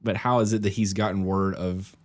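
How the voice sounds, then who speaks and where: A man's voice: low-pitched, flat delivery, fairly quick. A man, co-hosting a podcast, asking curious questions and making dry jokes. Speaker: podcast co-host. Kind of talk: casual chat.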